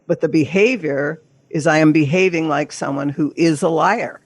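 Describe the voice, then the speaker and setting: Slightly rough and sitting low, her voice moves at normal speed with no room sound. The speaker is an older therapist and coach guesting on a podcast, earnest and emphatic, who at times acts out inner voices in quotes.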